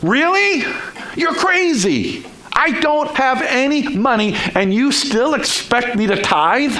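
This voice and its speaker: A man plays a worn-out believer arguing with God. The voice jumps high and whiny, stretching out incredulous complaints. It sounds pushed away from the mic. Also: animated, slow, sharp tone, echoey room, heavily acted, low-quality recording. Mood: exasperated.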